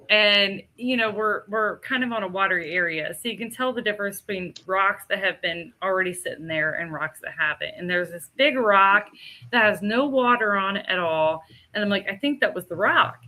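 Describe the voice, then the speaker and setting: A middle-aged woman telling a story in casual chat, animated and laughing often as she acts out what others said. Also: mid-range voice, moderate pace.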